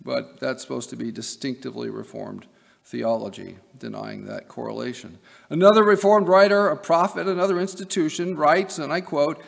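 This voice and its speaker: Man, high voice, raspy fry, emphatic lecturing, wry asides, reverberant hall. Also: moderate pace. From Nebraska, USA. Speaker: seminary professor giving a lecture. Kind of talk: academic lecture.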